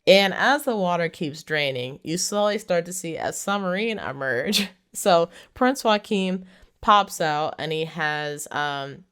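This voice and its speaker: A woman's voice: lowish voice, lively intonation, unhurried, fairly bright tone, clean tone. A woman casually recapping a movie's plot, talking in a chatty way with lots of "like". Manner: chatty, heavy use of "like", laughs while retelling. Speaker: movie reviewer.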